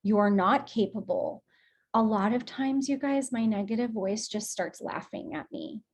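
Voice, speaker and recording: A woman leading a guided emotional release session over a video call, speaking in a gentle, affectionate and encouraging way. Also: on the high side, normal speed. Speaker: group session facilitator.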